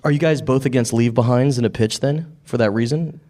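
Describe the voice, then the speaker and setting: A man's voice: mid-range voice, brisk, warm tone. Rambling male Q&A host. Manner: rambling questions with fillers. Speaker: interviewer host. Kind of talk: Q&A interviewing.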